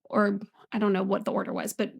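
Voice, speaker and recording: Recorded in an apartment room, a woman co-hosting a podcast chats casually, laughing a lot and using many fillers. She talks fast in a mid-range, flat voice with vocal fry and a breathy edge.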